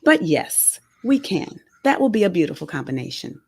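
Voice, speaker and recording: A woman voicing an elderly grandmother who is gentle but firm, while reading a memoir aloud. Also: lowish voice, very animated, normal speed, gravelly, slightly rough, dry recording, heavily acted.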